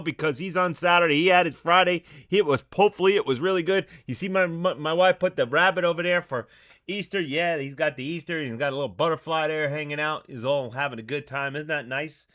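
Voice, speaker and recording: A man hosting a casual livestream, chatty and excitable, greeting viewers by name. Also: high-pitched. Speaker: show host.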